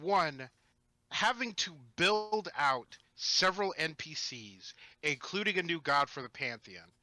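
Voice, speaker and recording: A man telling a story from his tabletop game as a podcast guest, animated and rambling with restarts. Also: on the high side, unhurried, no echo. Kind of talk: casual storytelling chat.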